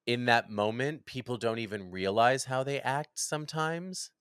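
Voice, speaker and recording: A man in casual podcast chat, an animated storyteller who acts out what others said, recorded close in a studio. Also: mid-range voice, moderate pace, clean tone, no room sound.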